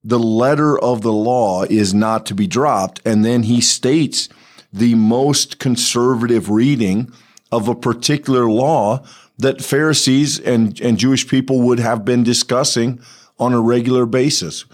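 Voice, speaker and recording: A man co-hosting a Bible study, laying out his points in a measured, step-by-step way. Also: medium pitch. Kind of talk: conversational Bible study discussion.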